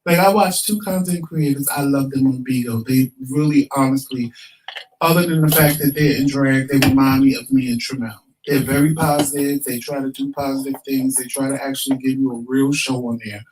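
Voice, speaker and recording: A man co-hosting a casual talk show, calm and matter-of-fact as he tells a story. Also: medium pitch, a little fast, far from the mic, slight background noise, low-quality recording.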